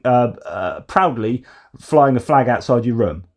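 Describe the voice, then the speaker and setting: A British man hosts a relaxed news commentary program, his mid-range voice a little mellow and moderately paced. He speaks loosely, peppering it with sarcastic jabs.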